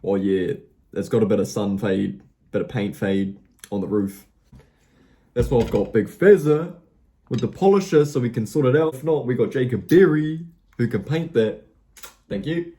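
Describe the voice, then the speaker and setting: A young man chatting excitedly to his viewers in a casual car vlog, slangy and upbeat. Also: mid-range voice, moderate pace, long pauses, husky. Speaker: car vlogger. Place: in and around a car, outdoors.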